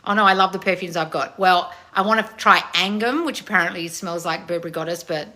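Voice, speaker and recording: A loud, brash woman, chatting casually as a channel host. Her lowish voice has a bright, forceful edge. She is blunt and swears freely. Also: a little fast. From family of Croatian heritage. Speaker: channel host reading viewer comments. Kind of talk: casual live chat.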